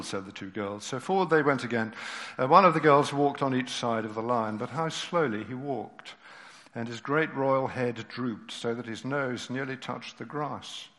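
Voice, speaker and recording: Expressive preacher in an echoing church. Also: male voice, medium pitch, moderate pace. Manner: expressive, dropping to near-whispers at moving moments. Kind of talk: sermon with read story. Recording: reverberant hall.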